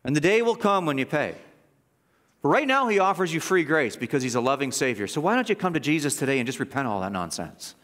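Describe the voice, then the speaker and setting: A man's voice: fairly high pitch, very animated, fast talker, a bit bright, long reverb tail. A man preaching a sermon as pastor, impassioned, with mocking asides and repeated words. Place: church sanctuary.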